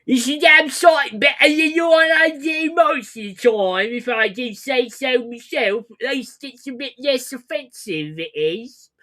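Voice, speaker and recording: A man voicing a caricature of a British viewer who scolds and swears loudly in a mock British accent. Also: very high-pitched, a little slow, hardly any pauses, pitched above the performer's own voice, heavily acted. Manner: scolding, profane, loud.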